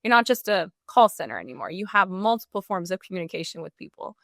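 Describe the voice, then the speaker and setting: A woman speaking as a customer service trainer in a podcast interview, animated and full of "like" and "right?". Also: lowish voice, quick pace, dry recording, studio quality.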